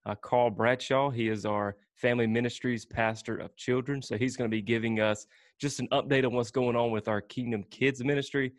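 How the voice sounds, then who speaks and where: A man hosting a casual church interview, asking rapid-fire questions with a joking manner and frequent laughs. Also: mid-range voice, fairly even intonation, no room sound, clean studio sound. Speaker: church podcast host.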